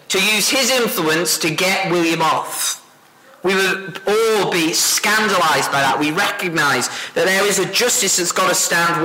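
Earnest preacher, bright and high. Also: male voice. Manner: earnest, rising to emphatic insistence. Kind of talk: expository sermon. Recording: echoey room.

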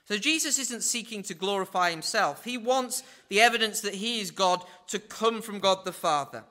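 This verse-by-verse Bible teacher speaks at normal speed, pushed and bright. He plays out quoted lines with sweeping pitch changes and wry side comments.

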